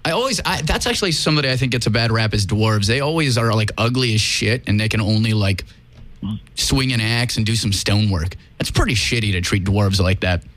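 A man's voice: lowish voice, animated, a little fast, a bit bright, no room sound. A man hosting a casual podcast, crude and laughing through loose banter. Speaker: podcast host. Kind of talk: casual crude comedy chat.

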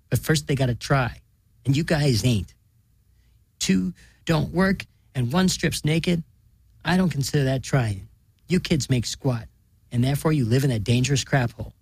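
A man's voice: medium pitch, normal speed, a little mellow, husky, dry recording. A man voicing a crude, blunt middle-aged man lecturing young relatives, in a storybook reading. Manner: blunt, coarse.

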